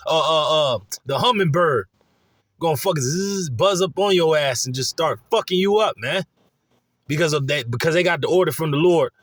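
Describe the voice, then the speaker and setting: A man preaching a casual sermon in a profane, rambling, excitable way. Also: on the high side, dry recording, studio quality.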